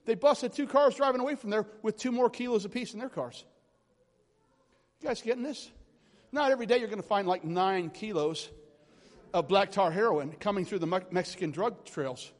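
High-voiced preacher man in a reverberant hall. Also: moderate pace. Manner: animated, rambling storyteller addressing congregation. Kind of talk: charismatic sermon storytelling.

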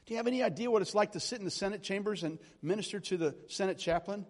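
A man's voice: sits high, racing. A man preaching a charismatic sermon, telling stories animatedly and checking in with the congregation. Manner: animated, rambling storyteller addressing congregation. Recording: long hall reverb.

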